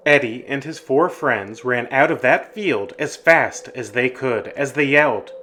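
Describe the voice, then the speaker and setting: A man's voice: mid-range voice, lively intonation, a little slow, fairly bright tone, slight background noise. Man narrating a scary story. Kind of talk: scripted horror story narration.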